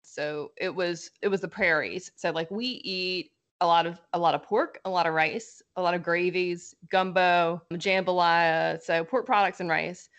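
A woman's voice: lowish voice, unhurried, hardly any pauses, dull audio. Chatty woman with a slight Louisiana twang. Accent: South Louisiana, slight Southern twang. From South Louisiana. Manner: chatty, animated storyteller. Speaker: podcast guest. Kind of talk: casual podcast chat.

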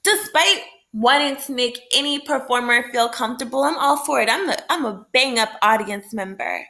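A woman's voice: on the high side, animated, moderate pace, few pauses, sharp tone. A woman ranting in a late-night video, heated and full of profanity, breaking into laughs. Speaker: vlogger. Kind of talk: late-night rant to camera.

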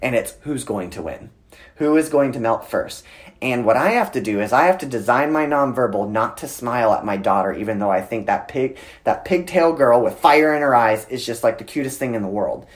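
A man in his thirties, a guest in an interview, explaining communication with lively storytelling and frequent filler words. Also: medium pitch, a little fast. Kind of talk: conversational interview.

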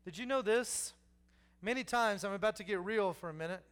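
A man's voice: sits high, brisk, fairly bright tone, clean tone. A man, preaching a sermon with humor, repeating key lines and acting out people in the story. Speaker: pastor.

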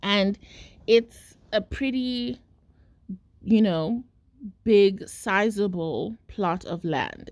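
Unhurried chatty woman. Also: medium pitch, vocal fry, a little mellow, no room sound. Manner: chatty, rambling, many fillers and asides. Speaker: podcast host. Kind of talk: casual true-crime storytelling.

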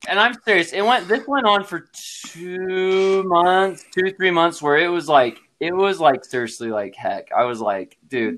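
A man's voice: high voice, fairly bright tone. A man in his thirties, a father telling a parenting story in casual chat, laughing often and using lots of fillers.

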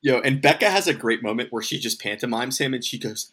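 Man, podcast co-host, bright voice, casual chat, rambling, swears, acts out quotes. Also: mid-range voice, lively intonation, quick pace, few pauses, breathy edge.

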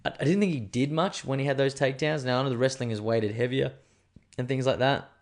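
A man's voice: mid-range voice, fast. A man hosting a podcast, rambling in a loose, chatty way and swearing freely. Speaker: podcast host. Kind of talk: casual chat.

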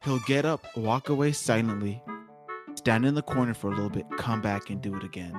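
A man co-hosting a podcast, telling a story in relaxed, casual banter. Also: fairly low pitch, brisk, over music. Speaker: podcast co-host.

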